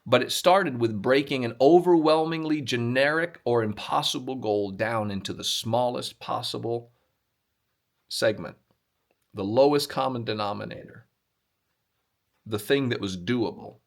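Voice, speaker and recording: A man's voice: medium pitch, measured pace, vocal fry. Dry-humored man giving casual motivational talk. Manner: dry, self-mocking humor. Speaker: motivational video host.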